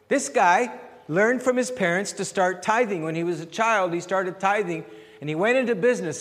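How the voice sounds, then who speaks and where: Give me a man pastor with a high voice delivering an animated, chatty sermon in a big reverberant hall. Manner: animated, repeats phrases while searching for words. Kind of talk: conversational sermon with Q and A.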